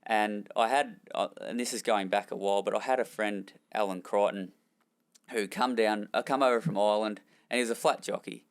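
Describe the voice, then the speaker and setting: A man's voice: lowish voice, a little fast. A young Australian man, a former jockey, telling rambling, self-deprecating stories in an interview. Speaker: former jockey and trainer, guest. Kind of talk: candid storytelling in a podcast interview.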